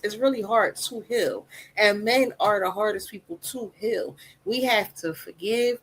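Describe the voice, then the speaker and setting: A woman with a soft voice tells personal stories on a podcast in a candid, animated way, often slipping into the voices of people she quotes. Her pitch sits in an ordinary middle range, and a faint hum of background noise lies under the recording.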